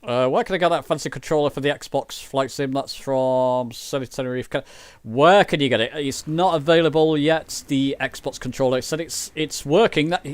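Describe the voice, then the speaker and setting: A man's voice: on the high side, dry recording. A man chatting loosely during a flight sim livestream, rambling and poking fun at himself. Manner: chatty, rambling, self-mocking. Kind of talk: casual livestream chat.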